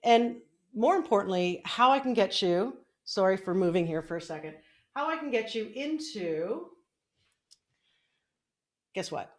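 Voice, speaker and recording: This middle-aged woman coaches online business in a casual Facebook Live stream from home, upbeat and talkative as she adjusts her setup. Her mid-range voice is expressive and unhurried, with long pauses, and the desk mic is moved around during the broadcast.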